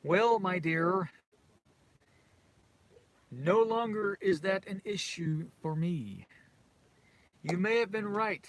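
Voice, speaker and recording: A man's voice: sits high, animated, slow pace, pauses often. A middle-aged British man giving a rambling, conspiratorial monologue to camera, repeating himself and chuckling often. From Britain. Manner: conspiratorial, repetitive, with frequent chuckles. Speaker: vlogger.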